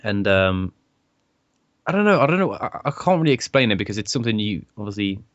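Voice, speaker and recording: A man's voice: fairly low pitch, expressive, a little fast, no room sound. A young man from England co-hosting a podcast, rambling casually, swearing and laughing a lot. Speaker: podcast co-host. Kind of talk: casual chat. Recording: dry, muffled lo-fi audio.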